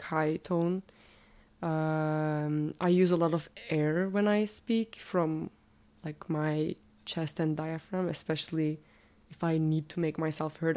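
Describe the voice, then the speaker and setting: A woman's voice: sits low, dark tone. A woman from Turkey whose first language is Turkish, answering interview questions in a casual, chatty way, with a slightly nasal voice and many fillers.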